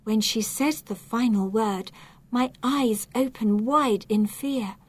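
A woman narrating a storybook reading in a measured, clear, deliberate way. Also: fairly high pitch.

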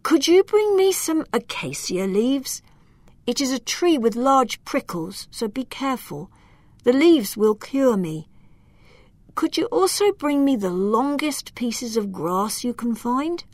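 A woman voicing a gentle wounded male elf. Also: fairly high pitch, big pitch swings, takes it slowly, no echo, pitched above the performer's own voice, full character voice. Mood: earnest. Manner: pleading, urgent.

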